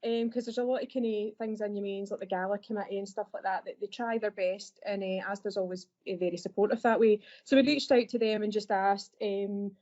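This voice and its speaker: A woman's voice: medium pitch, steady tone, fairly quick, few pauses, mellow. A Scottish woman who works as a library assistant, chatting on a podcast in a friendly, self-deprecating way. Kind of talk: podcast conversation. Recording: dull lo-fi podcast audio.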